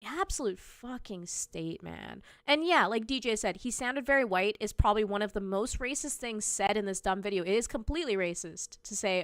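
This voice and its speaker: A woman's voice: medium pitch, animated, normal speed, few pauses, fairly bright tone, no echo, clean studio sound. A woman hosting a gaming commentary show, reacting to clips in an exasperated, profanity-laced rant. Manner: exasperated, sweary ranting.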